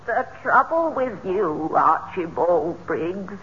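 An actor playing a hurt, nagging wife in a radio comedy, speaking plaintively and reproachfully. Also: male voice, sits high, lively intonation, slow, highs cut off. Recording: hissy old radio recording.

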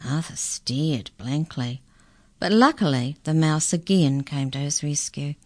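A woman reading a children's storybook aloud, unhurried and expressive. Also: low-pitched, no room sound.

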